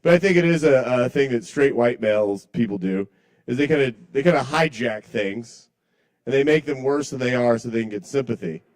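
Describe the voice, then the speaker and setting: At an open mic night in a small bar, a man does stand-up, rambling, apologizing to the crowd and chuckling at his own jokes. His voice is medium in pitch and a little fast.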